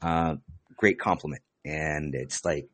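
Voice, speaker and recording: Deep-voiced laid-back male podcast host. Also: steady tone, slow, fairly bright tone, no echo. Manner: laid-back, says "dude" a lot, many fillers. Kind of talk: casual podcast chat.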